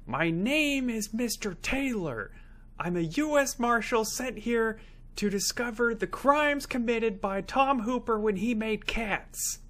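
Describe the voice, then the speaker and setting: A man's voice: very high voice, lively intonation, slow pace, a bit bright, voice pushed up, full character voice. Man doing a blustering paranoid marshal. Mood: indignant.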